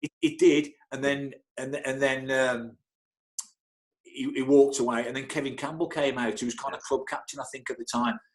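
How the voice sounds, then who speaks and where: At a moderate pace and with a flat delivery, this medium-pitched man recounts casual anecdotes as an interview guest. He's a middle-aged football club physio whose animated storytelling is full of stumbles, restarts and chuckles.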